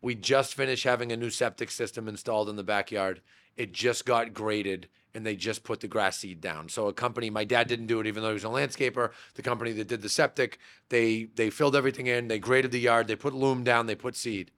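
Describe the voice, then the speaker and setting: Man, from Massachusetts, bright forceful voice, animated rambling storyteller, casual interview guest. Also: mid-range voice, fairly quick. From Massachusetts, USA. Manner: animated, rambling anecdotes with many fillers and restarts. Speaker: real estate brokerage owner, podcast guest.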